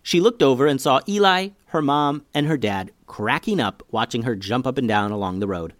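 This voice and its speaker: A man reading a children's story aloud, with lively, expressive storytelling. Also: medium pitch, normal speed, no echo, clean studio sound.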